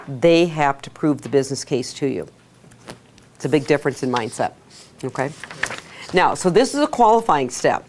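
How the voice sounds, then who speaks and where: A woman teaching a sales workshop to a live audience, energetic, asking the room questions and acting out quotes. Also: low-pitched. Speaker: sales trainer. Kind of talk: workshop lecture.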